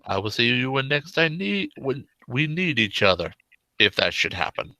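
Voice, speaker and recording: A man's voice: medium pitch, big pitch swings, normal speed, sharp tone, dry recording, heavily acted. A man voicing the courteous male leader of an underground brotherhood, speaking formally and unhurriedly.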